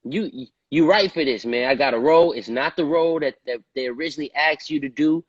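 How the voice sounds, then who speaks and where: A man's voice: on the high side, fairly quick, breathy edge, no room sound, voice pushed up. Man acting out a pushy, cussing older director friend, dry dull sound. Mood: insistent. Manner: blunt, profane, insistent.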